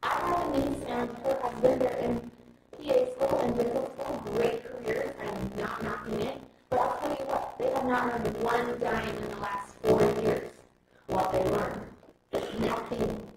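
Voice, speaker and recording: Low gravelly woman coaching a crowd, lively up and down, far off in a big echoey room, loud noise. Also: a little slow, over loud music. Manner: energetic, coaching, gives group exercise commands. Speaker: network marketing trainer. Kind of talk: motivational training talk to a live group.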